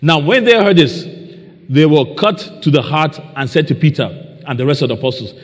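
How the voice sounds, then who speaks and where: Preaching to a congregation in a church hall, a man reads scripture and emphasizes his message with "Praise the Lord" and questions to those listening. He speaks at a moderate pace in an animated voice on the high side, and the hall adds a long reverb.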